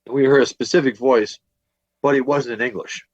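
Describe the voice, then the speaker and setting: A paranormal investigator and teacher from Northwest Indiana, a bit worn from a day of teaching, tells a long ghost-hunting story as a podcast guest, rambling with lots of fillers and restarts. His medium-pitched voice is steady and fairly quick, in a dry, muffled recording.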